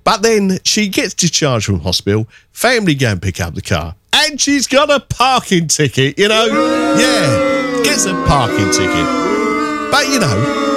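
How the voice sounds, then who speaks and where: A man hosting a radio show, telling a story in a relaxed, chatty way. His pitch swings widely and lends his talk a sing-song lilt. The studio sound is close and dry, with no room echo. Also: normal speed. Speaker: radio host. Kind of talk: casual radio chat.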